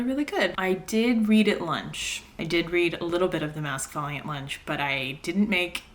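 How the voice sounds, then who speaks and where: A young adult woman chatting casually in a reading vlog, excitable and rambling, laughing often as she talks at home. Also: lowish voice, brisk, few pauses. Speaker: book vlogger. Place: home, indoors.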